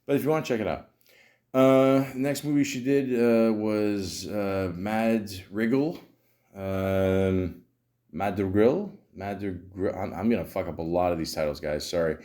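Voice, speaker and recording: Rambling Canadian podcast host. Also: male voice, lowish voice, a little fast, dark tone. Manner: rambling, self-deprecating, swears often. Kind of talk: casual solo commentary.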